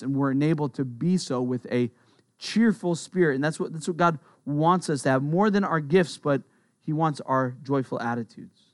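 A pastor giving a sermon in an earnest, conversational way, with quick asides. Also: male voice, fairly high pitch, no room sound, clean studio sound.

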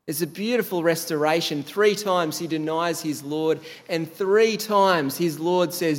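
A man's voice: on the high side, unhurried, hardly any pauses. A man preaching a sermon as a pastor, telling the story in a conversational way. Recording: long hall reverb.

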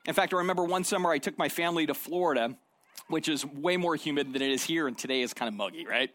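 Middle-aged male pastor, high voice, dry close mic; chatty storytelling sermon, checks in with "right?". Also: quick pace, a bit bright, no echo. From Arizona. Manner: conversational storytelling, frequent "right?" tag questions.

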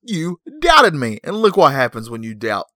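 A man's voice: medium pitch, huge pitch swings, normal speed, bright, forceful tone, no echo, studio quality. A man hosting a podcast in a casual, rambling chat, goofy and self-mocking, just awake. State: just woken up. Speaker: podcast host.

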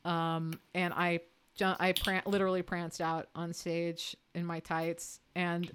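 A woman co-hosting a casual chat, telling school stories with animated energy and frequent laughter. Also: on the low side, slow, background noise. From Brooklyn, New York.

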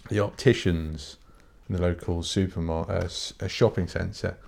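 British bloke, fairly low voice, solo podcast host who rants bluntly and swears freely. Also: male voice, steady tone, moderate pace, vocal fry, a little mellow. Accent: British English. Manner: blunt, sweary, rambling, with many restarts. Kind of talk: casual solo podcast rant.

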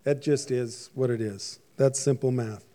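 A man's voice: medium pitch, fairly even intonation, a little slow, warm tone. A man preaching a sermon in a conversational, joking way, with frequent asides to the congregation. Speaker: pastor.

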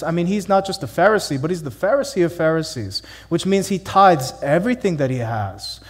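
A pastor with a high voice preaches a sermon in a church, and the sound carries the feel of a big room. He is emphatic yet conversational, asking many rhetorical questions.

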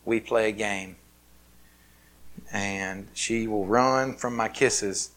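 Lower-voiced man preaching casually. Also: slow pace, rough recording. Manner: casual, filler-heavy delivery with many restarts; swings between loud emphatic peaks and quiet, hushed asides. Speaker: pastor. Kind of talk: conversational sermon.

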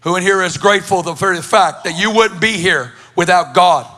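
A man's voice: high voice, normal speed, pushed and bright, slight background noise. A man preaching a sermon through a personal story, speaking emphatically and building to passionate lists.

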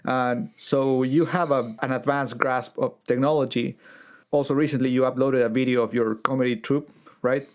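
A man hosting a podcast interview, speaking in a measured, halting way as he searches for words. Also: mid-range voice, fairly even intonation. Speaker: podcast host.

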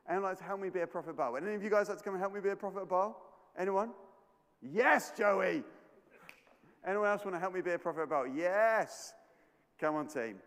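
Lively man telling a Bible story. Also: high voice. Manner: energetic, playful, coaxing the audience. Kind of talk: animated Bible storytelling with audience participation. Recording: echoey hall.

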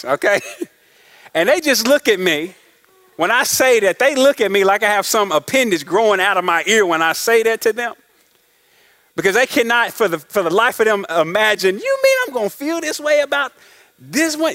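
A man's voice: high voice, fairly bright tone. A middle-aged man preaching a sermon as pastor, with conversational asides to the congregation and acted-out quotes. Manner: preaching with call-and-response asides; acts out couples' voices in quotes.

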